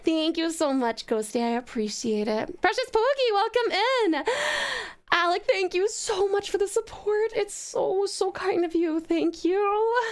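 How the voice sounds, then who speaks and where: Brief: effusive woman streamer, very high and lively voice, pet names for everyone. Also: unhurried. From Tasmania, Australia. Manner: gushing, thanks viewers with pet names. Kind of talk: live game stream chat.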